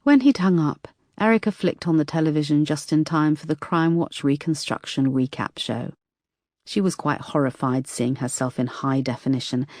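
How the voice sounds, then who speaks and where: In a clean studio recording with no room sound, a low-pitched woman reads a mystery audiobook. Her scripted narration is measured and even.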